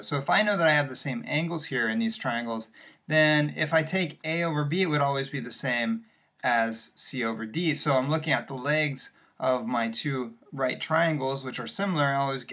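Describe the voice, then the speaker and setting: Man, math teacher, mid pitch, patient, step-by-step explaining. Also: moderate pace, fairly bright tone. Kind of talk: recorded classroom lesson walking through examples.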